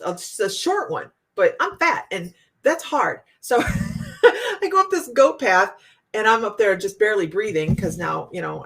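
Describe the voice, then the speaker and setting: A psychic host from Ohio tells viewers a story in a casual, animated way, laughing often. Her voice sits at a medium pitch.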